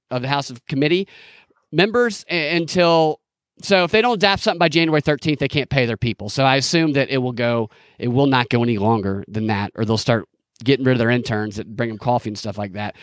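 A man's voice: a little high, no echo, clean studio sound. Sarcastic man riffing on politics. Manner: sarcastic, rambling. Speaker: podcast co-host. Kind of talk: casual political commentary.

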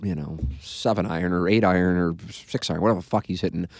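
A man's voice: sits low, quick pace, gravelly, darkish tone, no room sound, clean studio sound. A man hosting a podcast in casual chat, rambling and profane, trailing off into asides. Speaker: podcast host.

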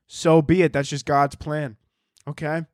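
A man's voice: a little high, little pitch movement, a little slow, darkish tone, no room sound, studio quality. A man hosting a podcast alone, rambling casually and mocking himself with plenty of swearing. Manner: rambling, profane, self-mocking. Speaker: podcast host. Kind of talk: casual solo chat.

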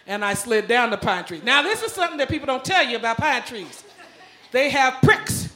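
A woman with a bright, ringing voice tells a comic personal story live on a club stage. She is lively and profane, laughing through her lines and shouting out the punchlines. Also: sits high. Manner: animated, profane, laughing while telling.

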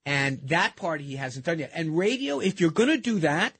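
Male radio co-host, fairly high and husky, dry studio sound, eager and stumbling. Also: dry recording. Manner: quick, animated, restarts and stammers while making points. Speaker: radio talk show host. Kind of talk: radio talk show banter. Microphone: studio microphone.

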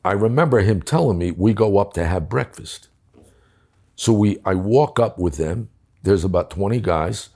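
A man's voice: lowish voice, lively intonation, moderate pace, darkish tone. An older man telling a war story from his police days, blunt and profane, acting out the dialogue. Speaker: former police commissioner. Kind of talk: casual storytelling.

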